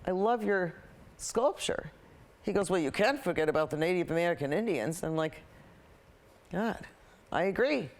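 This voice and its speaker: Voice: medium pitch, expressive, normal speed, pauses often. A painting show host talks casually as they work, drifting from personal opinions back to the painting. The delivery is loose and rambling, with many fillers, repeated phrases and sentences that start over midway. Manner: repeats itself, often restarts sentences. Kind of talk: casual chat while painting.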